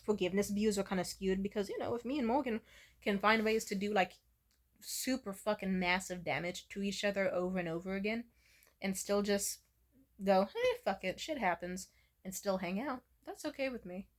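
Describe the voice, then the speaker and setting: A woman's voice: medium pitch, normal speed. A young woman telling personal stories in a casual confessional vlog, candid and rambling, swearing freely and filling her talk with "like". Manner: candid, rambling, profane, full of "like". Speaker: vlogger.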